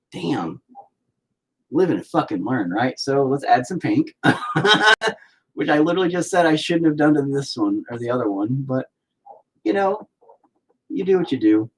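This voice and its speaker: Foul-mouthed man narrating his painting, husky voice with a lively, swooping pitch. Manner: profane, self-deprecating rambling. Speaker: painting vlogger. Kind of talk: casual commentary while painting.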